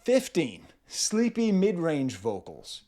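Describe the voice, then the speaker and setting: Animated man breaking down a rapper's voices. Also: a little high, takes it slowly. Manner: playful, demonstrates vocal styles, laughs often. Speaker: music reviewer. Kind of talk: casual music analysis.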